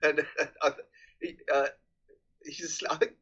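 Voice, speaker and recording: A man co-hosting a film podcast, retelling scenes in a lively way and acting out the lines with frequent laughs. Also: on the high side, normal speed. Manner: animated retelling, acts out scenes, laughs often. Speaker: podcast co-host. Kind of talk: casual film chat. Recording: dull lo-fi mic recording.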